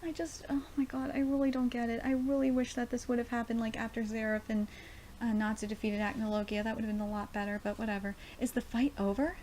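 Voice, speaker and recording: A woman's voice: a little high, steady tone, quick pace, darkish tone, a little hiss or hum. A woman streaming a live manga reaction, emotional and rambling, with frequent exclamations.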